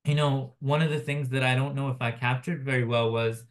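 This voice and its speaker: A man delivering a Friday sermon as a chaplain, soft-spoken and reflective, pausing often with fillers. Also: mid-range voice, fairly even intonation. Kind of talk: Friday sermon, retelling a phone call.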